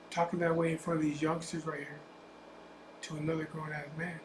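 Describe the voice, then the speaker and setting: A man's voice: a little high, little pitch movement, brisk. A man telling a personal story in a blunt, profane, emphatic way, casual storytelling style as a biker vlogger. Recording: echoey room with faint ambient noise.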